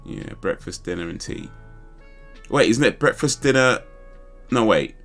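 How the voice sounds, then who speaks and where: A man's voice: on the low side, lively intonation, a little slow, fairly bright tone, faint music behind. A man hosting a casual livestream chat, rambling and thinking aloud as he second-guesses himself. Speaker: livestream host.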